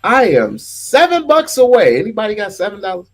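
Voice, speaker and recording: A man's voice: sits high, wildly swooping pitch, fairly quick. A man hosting a casual livestream, talking in bursts with stammered restarts and repeated words. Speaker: livestream host.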